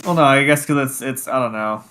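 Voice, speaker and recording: A man co-hosting a podcast, telling animated stories in casual chat. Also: medium pitch, fairly quick. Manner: animated storytelling. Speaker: podcast co-host.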